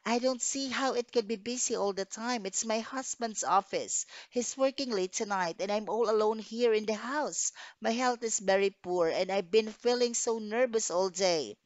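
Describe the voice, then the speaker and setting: A woman's voice: fairly high pitch, moderate pace, few pauses, no echo, lightly acted. A woman teacher reading the part of a querulous, neurotic woman phoning the operator, from a radio play script. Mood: anxious. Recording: dull dry recording.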